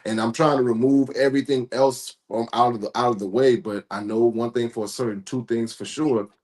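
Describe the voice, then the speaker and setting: A man's voice: medium pitch, steady tone, moderate pace, darkish tone. Laid-back rambling man host. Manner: laid-back, slangy, rambling with many restarts. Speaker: podcast host. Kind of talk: casual chat.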